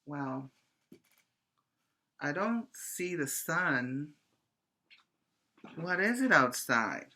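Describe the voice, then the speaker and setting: A man teaching preschoolers over video, with a bright, forceful tone. He talks very slowly, in a sing-song voice, repeating each word so small children can follow. His questions are gentle and coaxing. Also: fairly high pitch, big pitch swings. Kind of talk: virtual preschool lesson.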